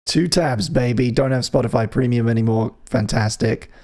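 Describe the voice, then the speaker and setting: A man's voice: mid-range voice, moderate pace, darkish tone. A man from the UK hosting a live music stream, chatting casually and playfully with his viewers in a rambling, teasing way. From United Kingdom.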